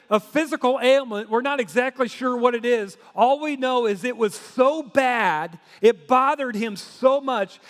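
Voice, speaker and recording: A man preaching with a very high, light voice, conversational and emphatic, hammering his points with repeated phrases. His sermon rings out with a long reverb, as if it were recorded in a big church sanctuary. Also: a bit bright. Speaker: pastor.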